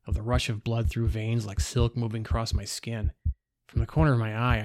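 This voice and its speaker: A man reading a first-person gothic horror story in a measured storytelling voice. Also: lowish voice, no echo. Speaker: narrator.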